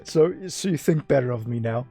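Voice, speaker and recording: A man's voice: medium pitch, animated, a little fast, mellow, faint music behind. A man hosting a casual live stream chat with a guest, rambling and teasing with lots of filler words.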